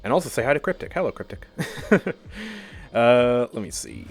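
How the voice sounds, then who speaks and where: A man's voice: mid-range voice, very animated, moderate pace, creaky, breathy edge, soft background music. A man streaming a game live, chatting casually with his viewers and laughing often as he comments.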